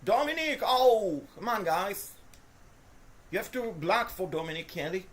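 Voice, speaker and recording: A woman commentating her own video game play, swinging between frustrated groans and shouted cheers, talking to the players and to her viewers. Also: mid-range voice, expressive, a little slow. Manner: talks to the players and to viewers as folks. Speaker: gaming video host. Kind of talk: live gameplay commentary.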